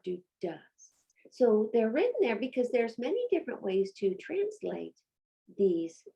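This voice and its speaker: A woman's voice: medium pitch, vocal fry, mellow, dull audio. A woman giving a patient homeschool Latin lesson, asking and answering her own questions. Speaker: Latin teacher.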